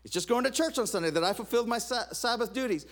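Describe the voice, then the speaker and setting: A man's voice: very high voice, quick pace. A middle-aged male pastor preaching a sermon, telling stories with playful asides. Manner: animated storytelling with asides and laughs.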